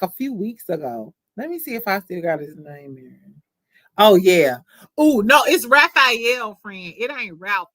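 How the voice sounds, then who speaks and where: A young adult woman hosting a casual livestream chat, telling stories in a candid, profane, animated way. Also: mid-range voice, no room sound. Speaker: livestream host.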